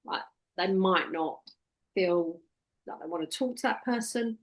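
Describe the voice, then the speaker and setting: A woman's voice: fairly low pitch, unhurried. A woman, a hypnotherapy trainer teaching one-to-one in a direct, practical way and quoting what she tells clients in a soothing voice.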